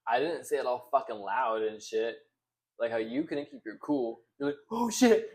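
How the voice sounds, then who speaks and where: A man's voice: medium pitch, moderate pace. Swearing, teasing young man. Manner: profane, teasing banter. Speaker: podcast co-host. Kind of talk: casual chat.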